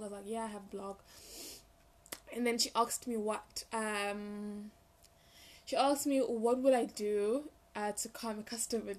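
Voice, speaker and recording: A young woman telling a rambling, animated story in a casual vlog, full of fillers and restarts. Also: mid-range voice, normal speed. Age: young adult. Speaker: vlogger.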